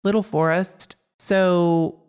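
Woman cohosting a movie podcast, smooth clear voice, upbeat trivia chat. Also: on the low side, fairly even intonation, slow pace, darkish tone. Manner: reads film facts, upbeat. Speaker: podcast co-host. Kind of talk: casual film-trivia chat.

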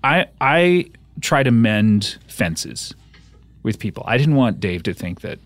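A man co-hosting a comedy podcast in casual chat, animated and rambling, quick to break into laughter. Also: medium pitch, dry recording. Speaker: podcast co-host.

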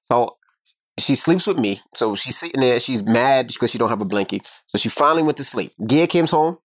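A man co-hosting a podcast, telling a confessional story in relaxed, rambling casual chat. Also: medium pitch, brisk. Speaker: podcast co-host and radio host.

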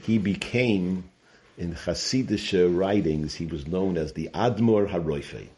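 A man's voice: sits low, unhurried, a little mellow. A man giving a Torah talk, telling stories and sprinkling in Yiddish and Hebrew terms. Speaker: Torah teacher.

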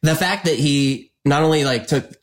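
A man's voice: fairly high pitch, moderate pace, faint music behind. A man, a filmmaker guest, telling an anecdote with enthusiasm in a casual interview. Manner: enthusiastic anecdote teller, acts out quotes.

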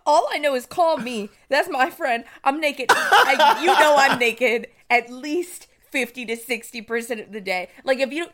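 A woman's voice: a little high, fairly bright tone. Giggly young woman with a Michigan accent. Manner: candid, giggly, reads listener confessions. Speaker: podcast co-host. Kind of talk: casual chat.

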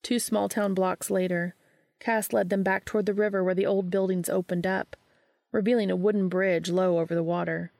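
A woman narrating a story aloud in a steady, measured way. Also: medium pitch, vocal fry, no echo, studio quality.

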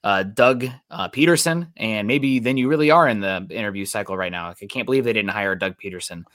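A man co-hosting a casual sports talk show, chatting briskly and reading out listener comments. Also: fairly low pitch, fairly bright tone, no room sound, studio quality. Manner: brisk, reads out chat messages.

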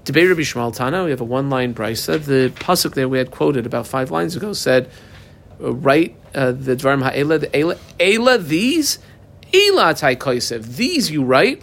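A man giving a text study lesson, reading a passage aloud and then explaining it phrase by phrase in a conversational way, with pauses and rhetorical questions. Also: a little high, creaky, a bit bright. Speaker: religious text teacher.

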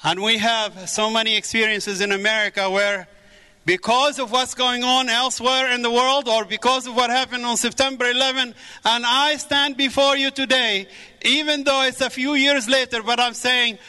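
A man's voice: very high voice, steady tone, moderate pace, sharp tone, clear, resonant tone. A middle-aged man from the Middle East giving a fervent preached testimony in a church. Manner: fervent, repeats praise.

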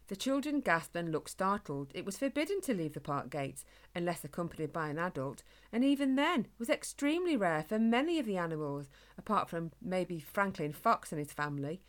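A woman narrating a children's animal story in a gentle, measured way. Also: fairly low pitch, very animated.

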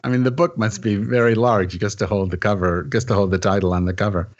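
Low-voiced, joking male podcast host. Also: steady tone, quick pace, highs cut off. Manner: casual, joking, with fillers and restarts. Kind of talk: interview hosting.

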